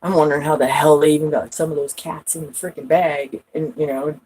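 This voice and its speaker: A woman's voice: deep voice, steady tone, fairly quick, darkish tone, husky, poor audio. A woman vlogging from home in casual rambling chat, swearing a lot and laughing often.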